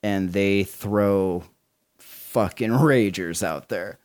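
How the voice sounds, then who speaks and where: A man in his forties co-hosting a podcast, chatting casually, excited and swearing a lot. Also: fairly low pitch, drawn-out words. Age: 40s. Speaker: podcast co-host.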